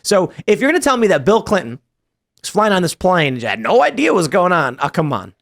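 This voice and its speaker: Man podcast host, a touch high-pitched, sarcastic commentary over the news. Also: huge pitch swings, fairly quick, vocal fry, a bit bright. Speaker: show host. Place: podcast studio.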